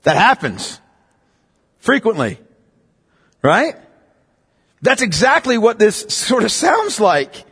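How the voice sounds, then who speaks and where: A male pastor with a high, husky voice delivers an emphatic sermon. He presses his points hard, then drops low and hushed for stress. The sound rings with a long hall reverb, as from a church sanctuary. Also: sing-song, takes it slowly, pauses often. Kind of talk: expository sermon.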